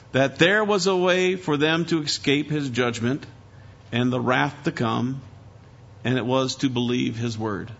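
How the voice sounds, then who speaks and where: A male pastor delivering a sermon in an emphatic preaching voice that climbs for stress and sinks low. His tone is bright and a little higher than most men's. The recording sounds dull and lo-fi. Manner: emphatic preaching, rising and falling.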